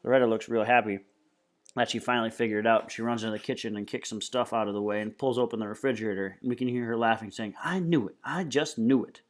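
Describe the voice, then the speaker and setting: A man reading a novel aloud in plain, steady storytelling. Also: on the low side, fast talker. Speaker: reader.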